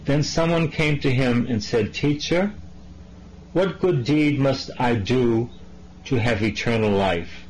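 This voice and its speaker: A man preaching a sermon, reading scripture and then talking it through in a plain, conversational way. His pitch sits in an ordinary middle range, and his explanations come with some false starts. A faint hum runs underneath the recording. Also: rough recording.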